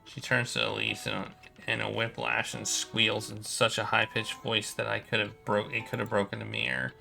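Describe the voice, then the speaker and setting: A man's voice: lowish voice, little pitch movement, vocal fry, sharp tone, soft background music. A man streaming a game, casually reading its story text aloud with occasional stumbles. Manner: quick, casual narration with stumbles.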